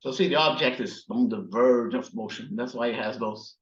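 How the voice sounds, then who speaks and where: A man teaching a physics class, slowly explaining while working on slides and often checking in with "right?". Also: medium pitch. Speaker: physics instructor. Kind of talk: recorded classroom lecture. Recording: echoey, dull lo-fi room sound.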